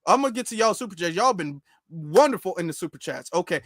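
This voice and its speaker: A man's voice: high voice, lively intonation, quick pace, dry recording, clean studio sound. A man hosting a livestreamed reaction commentary show, sarcastic and repeating his rhetorical questions.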